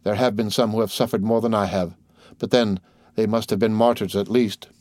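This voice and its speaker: A man's voice: fairly low pitch, steady tone, a little fast, a little mellow, no echo, clean studio sound, natural voice. A man voicing a starving, desperate male prisoner who pleads and stammers in terror, in an audiobook. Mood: pleading. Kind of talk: audiobook character voice.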